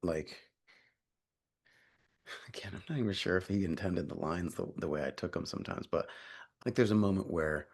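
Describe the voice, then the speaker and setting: Gravelly deep-voiced man, rambling interview. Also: moderate pace, long pauses. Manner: rambling, many fillers and restarts, swears casually. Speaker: actor being interviewed. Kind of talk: casual interview chat.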